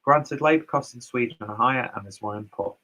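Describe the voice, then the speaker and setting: A man's voice: mid-range voice, fairly quick, sharp tone, poor audio. A man casually reading out and answering viewer comments on his beer reviews, loose and chatty with lots of fillers and asides.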